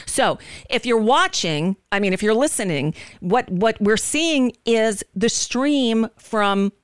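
A blunt, indignant woman hosts a political talk stream and swears without hesitation, tripping over her own restarts. Her voice sits low and comes through smooth and resonant. The studio microphone gives it a dry, close sound. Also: no room sound. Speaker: talk show host. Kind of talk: livestream political commentary.

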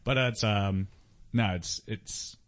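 A man with a somewhat low voice in loose podcast banter. He delivers ironic remarks in a flat, deadpan way. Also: slow. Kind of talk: casual comedy podcast chat.

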